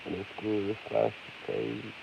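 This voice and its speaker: A man's voice: lowish voice, flat delivery, moderate pace, vocal fry. A man ranting unscripted to his viewers, profane, rambling and combative. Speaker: vlogger. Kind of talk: unscripted rant to camera. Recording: hissy lo-fi home recording.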